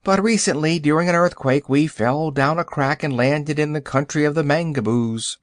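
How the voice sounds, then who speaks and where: A man voicing a kindly, courteous old male wizard in a polite, measured way. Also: on the high side, dry recording, clean studio sound, natural voice.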